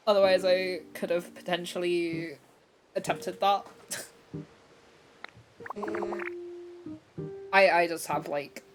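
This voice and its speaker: Excitable, giggly woman streaming a game. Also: on the low side, takes it slowly, pauses often. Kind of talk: casual live gameplay commentary. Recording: game music playing underneath.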